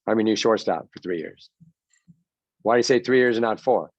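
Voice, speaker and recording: A man's voice: on the low side, brisk, no room sound, lo-fi sound. A man giving a motivational talk to baseball players as their mental coach, punchy and repetitive, having them chant mantras.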